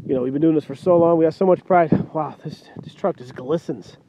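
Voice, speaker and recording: A man's voice: on the high side, fairly quick, mellow, muffled recording, a little hiss or hum. A man selling trucks with a joking, hyped sales patter, recorded outdoors in the cold on a handheld camera mic. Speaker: truck dealer.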